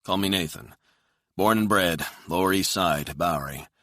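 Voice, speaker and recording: A man voicing a cool, controlled hired killer who speaks calmly and quietly threatens, in a deep voice. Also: normal speed, no room sound, clean studio sound. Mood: easygoing.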